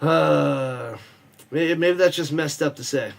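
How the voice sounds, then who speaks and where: He's running a live football watch party, drifting through casual chatter and jokes while firing off quick play-by-play calls and reading comments from viewers. His pitch is on the high side, with some vocal fry.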